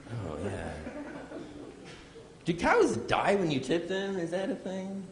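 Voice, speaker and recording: Male stand-up comic, slow deliberate delivery, swooping lively pitch, roomy live-club sound. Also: a little hiss or hum. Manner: animated storytelling, audience asides. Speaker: stand-up comedian. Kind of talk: stand-up comedy set. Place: comedy club stage with live audience.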